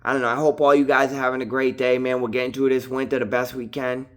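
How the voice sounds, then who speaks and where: A man's voice: medium pitch, level tone, quick pace. A man with a strong Boston accent, talking straight to camera in a rambling, casual monologue full of "bro" and "dude". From Massachusetts. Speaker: vlogger.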